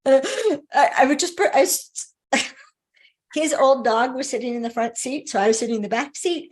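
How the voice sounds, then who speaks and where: Woman teacher, fairly high voice, animated storyteller who laughs mid-sentence and restarts often. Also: normal speed, long pauses. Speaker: relationship teacher. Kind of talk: storytelling talk to a class.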